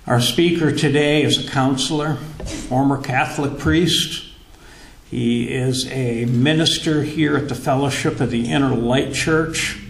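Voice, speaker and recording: A man leading a church service, giving a measured, formal introduction of the speaker. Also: medium pitch, fairly even intonation, vocal fry, a little hiss or hum. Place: church hall. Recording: echoey church hall.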